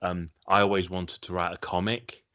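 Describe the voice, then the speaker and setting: Very deep, bright-toned British man joking. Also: level tone, normal speed. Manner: joking, swears, laughs easily. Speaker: podcast guest. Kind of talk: casual chat.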